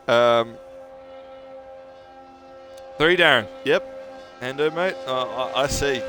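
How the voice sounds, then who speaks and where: A young man calling an online car race, bantering loosely with the drivers and the chat. He talks at an unhurried pace in a middle pitch. A faint hiss of noise sits under his voice. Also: fairly bright tone. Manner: casual and joking, chats to viewers and drivers. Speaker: race commentator. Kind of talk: sim racing live stream commentary.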